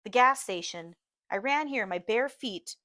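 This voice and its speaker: Brief: woman reading as a desperate, fierce woman on the phone, pitched a bit higher, dry close sound. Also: expressive, a little slow, sharp tone, no room sound. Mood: pleading. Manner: panicked, pleading, then resolute. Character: distraught grown woman fleeing abuse, fierce. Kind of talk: audiobook reading.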